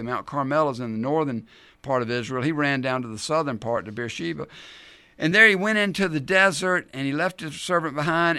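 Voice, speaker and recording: A male pastor preaching a sermon in an animated way, acting out the scripture he reads. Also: medium pitch, no echo. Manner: animated, dramatizes scripture in voices.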